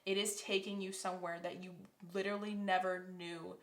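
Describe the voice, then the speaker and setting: A woman's voice: medium pitch, little pitch movement, a little fast, reverberant. A woman giving a pick-a-card tarot reading, talking straight to her viewers in an emotional, effusive way. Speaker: tarot reader.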